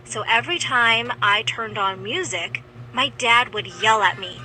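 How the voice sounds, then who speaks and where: Woman doing a stubborn teen girl telling her animated story, bright and a bit high. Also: measured pace, faint music behind. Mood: determined. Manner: earnest, expressive first-person telling. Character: teen girl dreaming of rock stardom. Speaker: story narrator.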